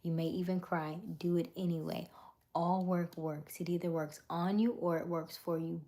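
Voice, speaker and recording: Soft-spoken woman in her thirties. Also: on the low side, little pitch movement, moderate pace. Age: 30s. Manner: soft, affirming, drifts into whispers. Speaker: livestream host. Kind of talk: casual late-night livestream chat.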